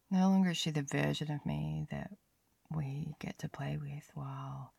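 Slow, breathy, gravelly woman in whispered role-play. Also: low voice, a little mellow, no room sound. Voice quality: breathy whisper with frequent sighs. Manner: slow, lingering, intimate first-person storytelling. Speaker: narrator.

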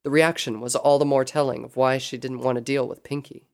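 A narrator reading a fan fiction story aloud in steady, even storytelling. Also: medium pitch, fairly quick.

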